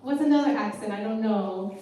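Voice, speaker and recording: A woman interviewer, chatting softly and casually with her guest and laughing along. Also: medium pitch, fairly quick. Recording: very echoey room, mic far off.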